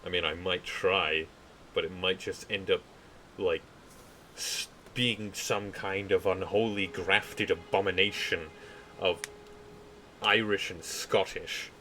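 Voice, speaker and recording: A very deep-voiced man streams a game and reads his story draft, tired and slow. He stumbles over words now and then, with faint noise behind him. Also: steady tone, bright, forceful tone, poor audio. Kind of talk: live game commentary and story reading.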